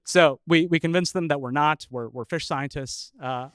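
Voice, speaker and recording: A man who is a scientist telling a personal story live, chuckling often and pausing with filler uhs. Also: on the high side, fairly bright tone, clear, resonant tone.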